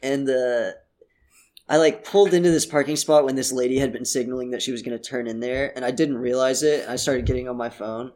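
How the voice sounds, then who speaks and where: A young man telling a story in casual chat, animated and laughing as he goes. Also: medium pitch, brisk.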